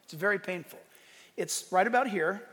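A man pastor delivering a sermon in a church, animated, bursting into shouted emphasis. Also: high-pitched, moderate pace, long reverb tail.

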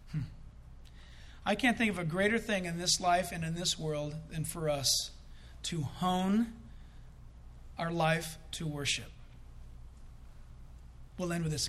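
A man's voice: high-pitched, bright, forceful tone. A man preaching a sermon and telling a comic story, acting out the voices of the people in it.

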